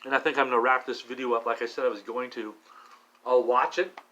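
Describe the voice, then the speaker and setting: A middle-aged man vlogging alone while high, rambling with many restarts and frequent swearing. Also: fairly even intonation, fast talker, pushed and bright, highs cut off. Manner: meandering, profane, restless restarts. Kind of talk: rambling solo monologue.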